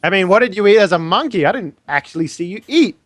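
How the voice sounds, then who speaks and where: A young man playing a tabletop game, goofy and excitable. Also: sits high, fast talker, no room sound. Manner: goofy, excitable, laughing often. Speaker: player.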